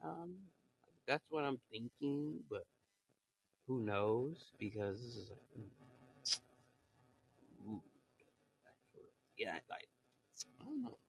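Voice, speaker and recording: A man's voice: mid-range voice, bright, forceful tone, slightly rough. A man chatting casually on a live audio stream, rambling in slang, full of fillers and restarts. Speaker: live audio room host.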